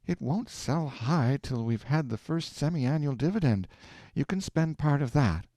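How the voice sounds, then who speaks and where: Man doing a prim thrifty wife, raised pitch, patient, reproving, lively lilt. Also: a little slow, no echo. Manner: gentle, reproving, calculating.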